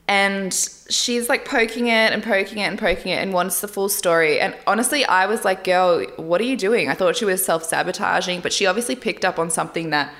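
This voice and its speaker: A woman's voice: mid-range voice, fairly bright tone. A young woman vlogging casually about a dating show, candid and chatty, often laughing and swearing lightly. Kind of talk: casual chat.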